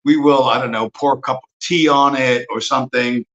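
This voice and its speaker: A man's voice: mid-range voice, steady tone, brisk, a bit bright, echoey room, muffled recording, close to an everyday voice. A man mimicking a puffed-up, fussy English official, all huffy and mocking. The indignation is put on and exaggerated, for effect rather than real anger. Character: pompous fussy English official, male adult.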